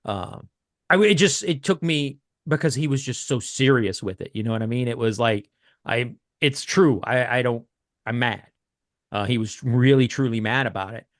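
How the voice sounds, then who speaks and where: A man co-hosting a collecting podcast, chatting casually in a rambling, halting way with many restarts. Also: mid-range voice, no echo, clean studio sound. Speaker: podcast co-host. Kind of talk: casual chat.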